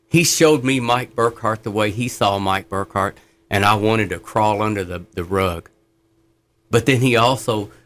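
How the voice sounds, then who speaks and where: A man's voice: mid-range voice, a bit bright. A middle-aged man sharing his faith testimony in conversation, fervent and earnest, telling stories with laughs.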